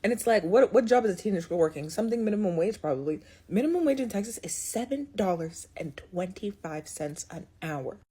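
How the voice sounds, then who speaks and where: A woman's voice: mid-range voice, expressive, a little fast, few pauses, mellow, husky. A young woman giving blunt, sarcastic opinions in a casual monologue, swearing freely. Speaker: video commentator.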